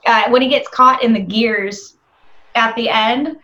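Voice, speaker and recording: A woman's voice: on the high side, a little slow, sharp tone. A woman chatting casually about a horror movie, rambling with many fillers and frequent laughs. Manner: rambling, laughs a lot, lots of "like". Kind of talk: casual movie review chat. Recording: dull lo-fi audio.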